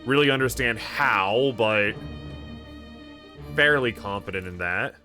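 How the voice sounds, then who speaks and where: A man's voice: fairly low pitch, slow pace, pushed and bright, faint music behind. A man streaming a game, thinking aloud in a hesitant, musing way. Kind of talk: casual gameplay commentary.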